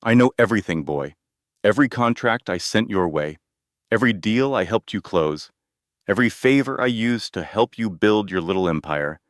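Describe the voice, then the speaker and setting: A man voicing an older Texan oil tycoon who speaks quietly but sternly. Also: fairly low pitch, expressive, moderate pace, no room sound, studio quality, close to an everyday voice. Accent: Texan (figure).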